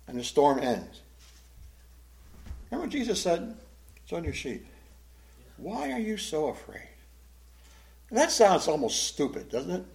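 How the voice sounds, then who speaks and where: A man's voice: a little high, very animated, moderate pace, gravelly, pauses often, darkish tone. A man preaching a Bible-teaching sermon in a conversational way, often asking the congregation questions and repeating words as he goes. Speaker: pastor.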